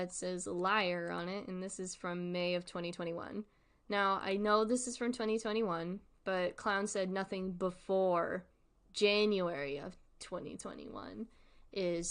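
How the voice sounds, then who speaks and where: A woman streams casual commentary on a web series, giggling, rambling, and often correcting herself. Her voice is medium-pitched and gravelly.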